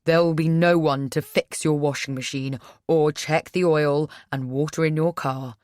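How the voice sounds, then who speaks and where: A woman's voice: deep voice, fairly even intonation, moderate pace, darkish tone, no echo, studio quality, close to an everyday voice. A woman voicing a hurt young man who pleads and turns sarcastic, in an audiobook reading. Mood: bitter.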